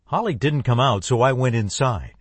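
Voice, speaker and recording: A man narrating an audiobook in a steady, even way. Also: medium pitch, moderate pace, slightly rough, dry recording.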